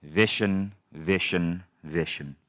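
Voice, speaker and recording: A man doing a deep-voiced, grave older mentor. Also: slow pace, a bit bright, no echo, clean studio sound. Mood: stern.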